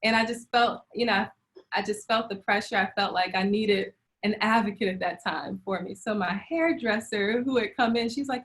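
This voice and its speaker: A woman's voice: mid-range voice, normal speed, fairly bright tone. A woman speaking candidly and emotionally as a panel guest, telling a personal story with frequent laughs and restarts over a video call. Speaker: panel guest sharing birth experience.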